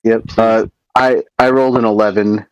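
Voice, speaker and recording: A man's voice: fairly low pitch, fairly even intonation, normal speed, a crowd in the background, rough recording. A man taking part as a player in a casual tabletop role-playing game, talking in an easygoing way.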